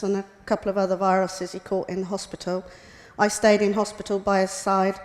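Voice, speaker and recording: A woman's voice: medium pitch, a little mellow. Woman telling her story in a reverberant hall. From United Kingdom. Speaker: carer giving a talk. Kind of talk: reading a prepared personal talk. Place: hospital lecture room.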